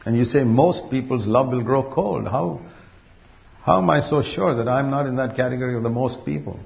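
A man preaching a sermon earnestly, asking rhetorical questions and slowing down to stress key phrases. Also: medium pitch, gravelly, highs cut off.

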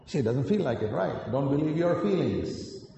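A man preaching a sermon with earnest storytelling, climbing to emphatic peaks and then dropping quiet. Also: fairly high pitch, very animated, moderate pace, creaky, a little hiss or hum. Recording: echoey hall, picked up from a distance.

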